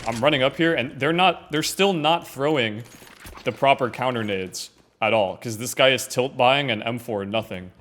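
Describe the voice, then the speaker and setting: Young guy, casual game commentary, mid-pitched, faint hiss, keyboard clicks. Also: normal speed. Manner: casual, many fillers, often trails off quietly. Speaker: gaming content creator.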